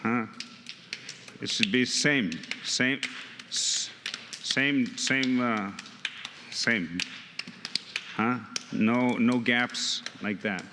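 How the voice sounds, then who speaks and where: A man teaching a hands-on music workshop, speaking slowly and haltingly, often repeating words and counting beats aloud. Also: medium pitch. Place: temple hall. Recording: temple hall reverb, faint noise.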